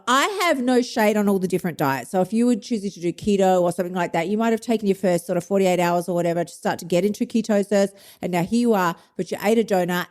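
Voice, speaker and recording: A woman's voice: medium pitch, darkish tone. A woman in her thirties hosting a weight loss talk, blunt and emphatic, swearing freely as she gives a casual motivational monologue. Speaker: host of a weight loss show.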